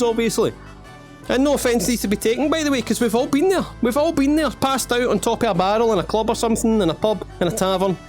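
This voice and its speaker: A high, slightly mellow male voice belongs to a Scottish gaming channel host. While he plays, he rambles through a let's-play in a playful way, mixing self-deprecating jokes with asides to the viewer.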